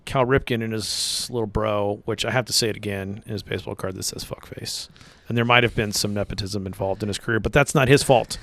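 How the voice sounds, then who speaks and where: A man's voice: lowish voice, fairly even intonation, fairly quick, a bit bright. A man co-hosting a casual baseball podcast, rambling with lots of "like" and laughing often. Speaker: podcast co-host. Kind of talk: casual chat.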